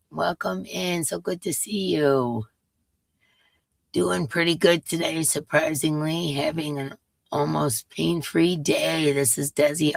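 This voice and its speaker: Casting note: woman host, hoarse and gravelly, chatty, dry close sound. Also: rumbling low, dry recording. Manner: chatty, reads viewer names aloud. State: hoarse, voice coming and going. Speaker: livestream host. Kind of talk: casual live-stream chat greeting viewers.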